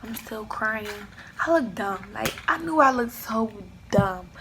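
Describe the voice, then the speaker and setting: A young woman recounting a personal story to the camera in a casual vlog, her voice slightly high with a gravelly edge. She acts out both sides of the argument as she goes. A faint hiss of background noise runs underneath. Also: animated, slow pace. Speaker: vlogger.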